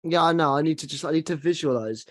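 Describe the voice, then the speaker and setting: A man's voice: on the high side, fast talker, no room sound. Man, podcast host, casual chat, dry close sound. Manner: hesitant, lots of ums and restarts.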